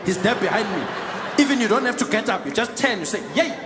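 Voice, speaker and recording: A man's voice: high-pitched, animated, fast, over a noisy crowd, heavy background noise, pitched above the performer's own voice. A comedian acting out a cheeky, easygoing South African man with a South African accent who coaxes in a sing-song way and ends lines with eh. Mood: coaxing. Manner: coaxing, sing-song, tags with eh. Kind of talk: stand-up comedy act-out.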